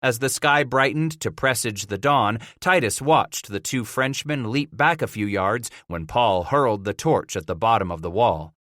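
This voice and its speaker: Man reading a western audiobook, bright voice, super dry. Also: mid-range voice, moderate pace, few pauses, no room sound. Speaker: audiobook narrator. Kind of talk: dramatic audiobook narration.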